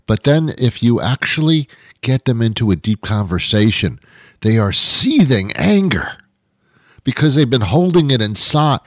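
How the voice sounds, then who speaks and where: A middle-aged man hosts a comedy show with a rambling satirical monologue, sarcastic and quick to mock himself. His voice sits low. It is recorded dry and close on a studio microphone. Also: very animated, no echo. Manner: sarcastic, rambling, self-mocking.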